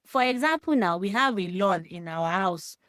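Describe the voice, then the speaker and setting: Nigerian woman, 30s, Yoruba accent; animated, emphatic podcast talk; dry, close sound. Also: mid-range voice, moderate pace, dry recording. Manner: emphatic, animated, talks straight to the listener; mixes Yoruba phrases into English. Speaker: podcast discussion guest. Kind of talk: casual faith-centred discussion.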